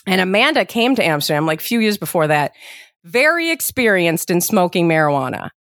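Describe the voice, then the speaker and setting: A woman's voice: on the low side, fairly quick, no room sound, studio quality. A woman hosting a podcast, telling a long story casually with lots of filler words. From lived abroad as a teen, international school. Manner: rambling, many "like" fillers, animated retelling. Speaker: podcast host.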